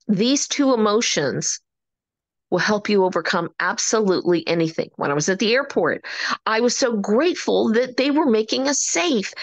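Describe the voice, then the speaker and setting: Energetic woman giving a motivational talk. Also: mid-range voice, no room sound. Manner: energetic, animated, preacher-like emphasis. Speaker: motivational speaker.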